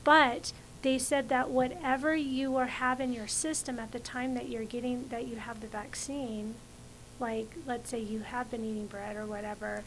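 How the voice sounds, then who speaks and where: A woman hosts an interview in a fairly high voice, backing her guest with short encouraging replies. A faint low rumble runs under the recording. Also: level tone, moderate pace, rough recording. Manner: encouraging listener with short responses. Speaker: host.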